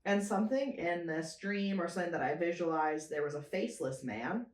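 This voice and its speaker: A young woman with a lowish voice co-hosts a podcast, speaking fairly quickly in an echoey room. She's an animated storyteller in casual chat and laughs often.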